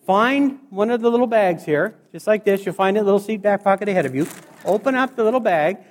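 A man doing storytelling stand-up comedy, animated and acting out the people in his stories. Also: sits high, fairly quick. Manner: animated, acts out voices and scenes. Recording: reverberant hall.

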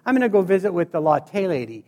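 A man doing storytelling stand-up comedy, animated and acting out the people in his stories. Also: sits high, fast. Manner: animated, acts out voices and scenes. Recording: reverberant hall.

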